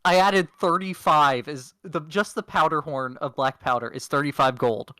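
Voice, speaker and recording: A man acting as game master, narrating a tabletop game over voice chat in a relaxed, self-deprecating way. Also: on the high side, normal speed, dry recording.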